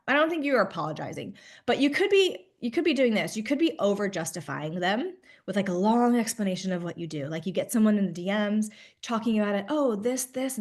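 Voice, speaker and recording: A woman leading a live online sales training, talking animatedly and acting out client voices. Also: mid-range voice. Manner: animated, acts out client voices, frequent "okay" and "right".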